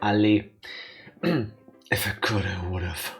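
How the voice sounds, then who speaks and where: Co-hosting a let's play, a man chats casually in a lowish voice at a slow pace with long pauses, hamming up the game's lines in mock-dramatic voices. Faint music plays behind him.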